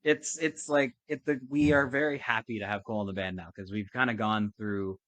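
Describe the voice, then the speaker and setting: Canadian guy, keyboardist guest, low and bright, wry and easygoing. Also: fairly even intonation, fairly quick, no room sound, low-quality recording. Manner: laid-back, wry understatement. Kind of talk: casual chat.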